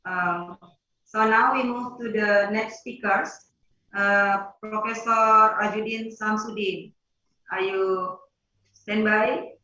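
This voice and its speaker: A woman's voice: mid-range voice, fairly even intonation, slow, bright, forceful tone, faint music behind. Indonesian woman moderating a webinar, echoey. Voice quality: hesitant, many fillers. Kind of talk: online webinar moderation, code-switching. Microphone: video call. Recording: echoey, distant, dull with faint noise.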